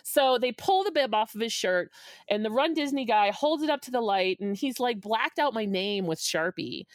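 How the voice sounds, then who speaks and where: Animated, higher-voiced woman in her forties. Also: normal speed, no room sound, clean studio sound. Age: 40s. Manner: lively, laughing, acts out quotes with big pitch jumps. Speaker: podcast guest. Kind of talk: animated storytelling.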